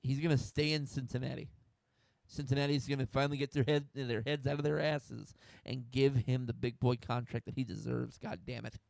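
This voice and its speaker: A man's voice: mid-range voice, steady tone, brisk, creaky, darkish tone, dry recording, studio quality. A young man from the United States hosting a solo sports talk stream, getting fired up, swearing and restarting his sentences. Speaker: host.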